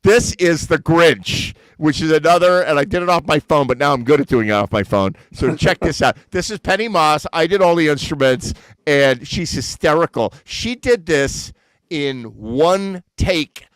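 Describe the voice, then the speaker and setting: Lively, chatty male host. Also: a little high, moderate pace, dry recording. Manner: animated, chatty, lots of fillers. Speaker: show host and musician. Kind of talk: casual storytelling.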